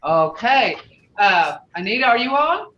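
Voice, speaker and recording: Very animated yet unhurried, this woman's bright-ish mid-range voice comes through roomy, distant, dull video call audio. She's teaching a language class online, patiently calling on each student and coaching them through every phrase.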